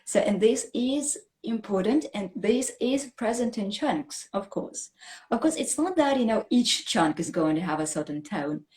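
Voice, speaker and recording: A woman English teacher, explaining language points in an animated, conversational way and often checking in with "right?". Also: mid-range voice, a little slow. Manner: animated, explanatory, frequent "you know" and "right?".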